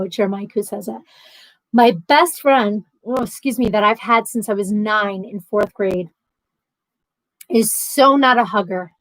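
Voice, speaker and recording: A woman in her thirties hosts a casual livestream from home, chatting and reading viewer comments aloud. Her medium-pitched talk is chatty and rambling, full of ums, restarts and self-corrections, on a dry, low-quality recording.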